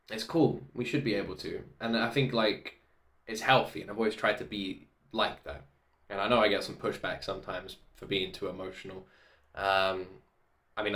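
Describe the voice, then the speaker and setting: Man, thirties, reaction host, emotional, excitable, mid-pitched voice, echoey home room. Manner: excitable, openly emotional, talks in quick bursts and repeats himself.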